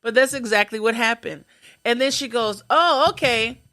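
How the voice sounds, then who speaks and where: A woman's voice: a little high, steady tone, moderate pace, a bit bright, no echo. A young adult woman hosting a comedy podcast, telling stories in a chatty, self-mocking way. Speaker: podcast host. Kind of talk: comedic storytelling.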